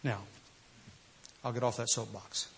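A man's voice: mid-range voice, fairly even intonation, measured pace, vocal fry, slight background noise. A man preaching a sermon, emphatic and full of rhetorical questions. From United States. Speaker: pastor.

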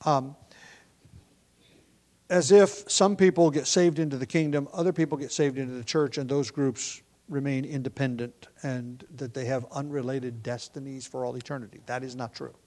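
A man's voice: medium pitch, steady tone, normal speed. A man preaching a sermon as pastor, thinking aloud with frequent fillers and restarts. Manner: prays in a hushed, quieter voice.

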